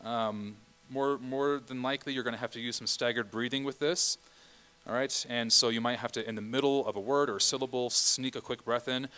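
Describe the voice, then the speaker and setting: Guy running choir practice at church, explains stuff, lots of "okay?", mid pitch. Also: fairly even intonation, fairly quick, bright, forceful tone, smooth. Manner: explanatory, keeps checking in with "okay?". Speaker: choir director. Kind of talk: rehearsal instruction.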